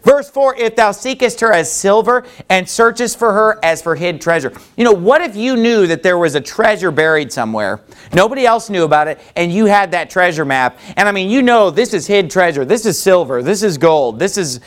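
Guy preaching a sermon, high voice, really bouncy and animated, lots of rhetorical questions. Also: moderate pace. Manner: reads scripture in old-fashioned wording. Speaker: pastor.

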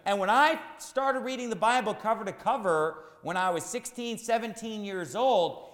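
Emphatic high-voiced male preacher. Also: normal speed, a bit bright, in a large hall. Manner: emphatic, repeats key phrases for stress. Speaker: pastor. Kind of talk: sermon.

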